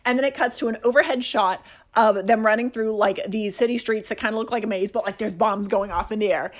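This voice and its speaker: A young man hosting a casual movie review, excitedly rambling and swearing as he gushes. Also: high-pitched, fairly quick. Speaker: video essay host.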